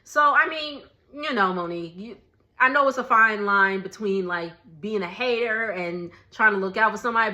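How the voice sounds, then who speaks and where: A young adult woman chatting casually through a reality TV recap, animated and laughing often. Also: fairly high pitch, dull audio.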